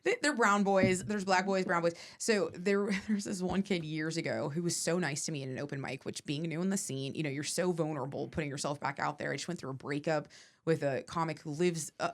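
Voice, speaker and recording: Woman stand-up comic from Florida, low-ish voice, rapid rambling chat that breaks into laughter. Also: steady tone. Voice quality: fast, rambling storytelling with frequent laughter. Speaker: stand-up comedian, podcast guest. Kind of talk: casual podcast chat.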